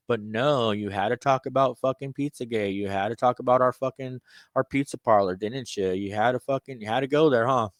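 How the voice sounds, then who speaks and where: A man's voice: mid-range voice, fairly quick, dry recording. Profane rambling man, dry close sound. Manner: profane, rambling, conspiratorial, swings between loud and muttered. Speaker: self-styled candidate addressing viewers. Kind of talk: ranting monologue.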